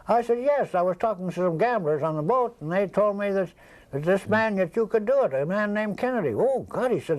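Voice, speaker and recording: A man's voice: sits high, lively intonation, fairly quick, low-quality recording. An older man telling a long, rambling anecdote in an interview, acting out the other people's voices. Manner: rambling, acts out the voices of people in his stories. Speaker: interviewee, storyteller. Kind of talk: casual anecdotal storytelling.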